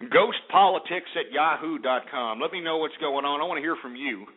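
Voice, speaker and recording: A man hosting a call-in radio show, ranting in a blunt, crude way. His voice sits fairly high for a man. The sound is squeezed and tinny like a phone line. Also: brisk, slightly rough. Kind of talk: call-in radio talk monologue. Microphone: internet radio call-in show. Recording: narrow phone-like low-fi audio.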